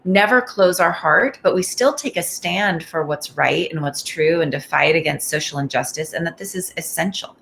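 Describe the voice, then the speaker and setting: Woman guest, lower-pitched, measured and explanatory. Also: gravelly, fairly bright tone, a little hiss or hum. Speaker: mindfulness expert and author. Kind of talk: interview answers.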